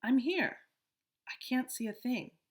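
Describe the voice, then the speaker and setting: Woman voicing a young schoolboy, eager, breathless, raised pitch. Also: animated, unhurried.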